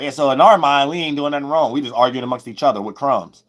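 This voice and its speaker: A man giving a loose, rambling spiritual astrology monologue, repeating himself and breaking into sudden loud, high shouts. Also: fast, hardly any pauses. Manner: loose, preachy, repeats "you know what I'm saying", bursts into loud high shouts.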